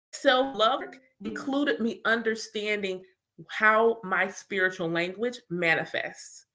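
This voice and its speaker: A woman's voice: mid-range voice, sharp tone. A woman talking casually and candidly about her spiritual practice as a reader and teacher, with lots of "like" and voiced quotes of her prayers. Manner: candid, chatty, full of filler "like".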